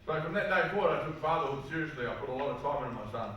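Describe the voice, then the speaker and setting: A man's voice: fairly high pitch, expressive, racing, fairly bright tone, slight background noise. A man with an Australian accent speaking to a seminar audience, telling personal stories in an earnest, plain-spoken way full of slang. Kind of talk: personal testimony talk. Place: large hall. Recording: echoey hall, mic far off.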